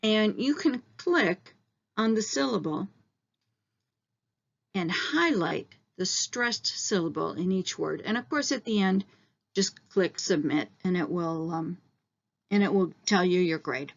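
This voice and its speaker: A woman teacher explaining step by step in a recorded online lesson, slowing down on the key terms. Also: on the low side, animated, creaky, lo-fi sound.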